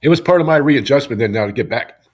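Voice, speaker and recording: Fast-talking middle-aged man recounting his story. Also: mid-range voice, expressive, slightly rough. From Pennsylvania. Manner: earnest, repeats words when starting sentences. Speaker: interview guest. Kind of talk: conversational storytelling.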